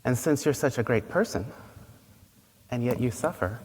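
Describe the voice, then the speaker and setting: A man giving a dharma talk as a Buddhist teacher, gentle and unhurried, telling stories with pauses. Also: medium pitch, expressive, slightly rough. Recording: long reverb, faint noise.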